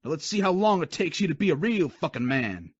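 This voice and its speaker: A man's voice: fairly high pitch, big pitch swings, brisk, husky, no echo, pitched above the performer's own voice. A man voicing a harsh army drill sergeant who barks profane insults and taunts. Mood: menacing. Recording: dull dry lo-fi recording.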